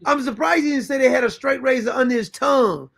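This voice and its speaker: A man hosting a talk show, commenting loudly and incredulously on played clips. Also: very high voice, fast talker, creaky. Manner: incredulous, loud outbursts, frequent laughter. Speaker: show host. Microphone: streaming mic.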